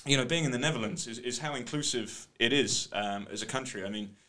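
A man's voice: mid-range voice, brisk, pushed and bright. A man from Britain, a guest in a studio interview, talking casually and hesitantly with many fillers. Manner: hesitant, many "um"s and "you know"s. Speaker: guest, art company co-founder.

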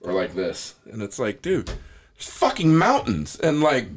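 A man's voice: medium pitch, huge pitch swings, a little slow. A man in casual podcast chat, laid-back and swearing freely.

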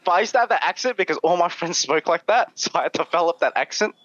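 A man's voice: on the high side, lively intonation, fast, a bit bright, no room sound, highs cut off. A man of twenty-one with an Australian accent, a podcast guest chatting casually, rambling with many fillers and laughs. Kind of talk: casual chat.

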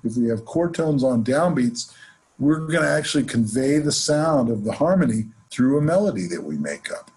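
Very smooth-voiced man teaching jazz. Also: mid-range voice, normal speed. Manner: relaxed explanatory, counts off beats. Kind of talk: instructional lesson with playing examples.

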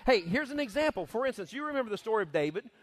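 A middle-aged man preaching a casual sermon as pastor, folksy and quick to laugh, acting out little voices. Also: sits high. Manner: laughs often, folksy and animated, acts out voices.

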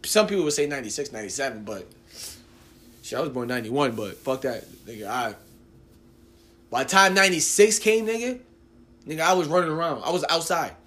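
Late 20s guy ranting on his podcast, cursing a lot, fairly high voice, keeps restarting sentences. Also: brisk, pauses often. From New Jersey. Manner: profane, rambling, animated, with frequent restarts. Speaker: podcast host. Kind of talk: casual solo podcast rant.

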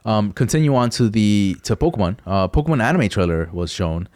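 Lively-voiced young man chatting casually. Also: fairly low pitch, fairly quick, dry recording, studio quality. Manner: relaxed, joking, reads news items aloud. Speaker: podcast co-host. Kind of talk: casual chat.

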